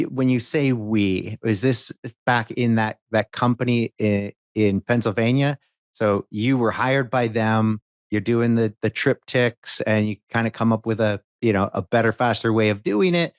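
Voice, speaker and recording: A man hosting a podcast, asking questions in a halting way with frequent restarts. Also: lowish voice, clear, resonant tone, no echo, clean studio sound. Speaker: podcast host. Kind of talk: interview questions.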